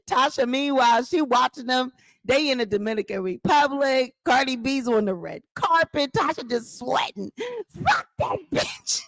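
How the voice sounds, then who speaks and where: A woman hosting a vlog, delivering casual gossip commentary in a profane, animated way that is full of laughter. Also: high voice, normal speed, no room sound. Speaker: vlog host.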